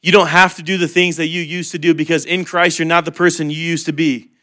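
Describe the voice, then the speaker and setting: A man's voice: on the high side, level tone, quick pace, bright, forceful tone. A man preaching a sermon in an earnest, conversational way, mixing humor with heartfelt appeal. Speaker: pastor.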